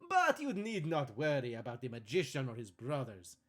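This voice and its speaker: A man's voice: medium pitch, huge pitch swings, moderate pace, pitched below the performer's own voice. A man hamming up an Italian hotel host. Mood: grandiose. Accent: fake Italian. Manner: theatrical, florid pronouncements. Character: eccentric Italian hotel host, grand and cryptic.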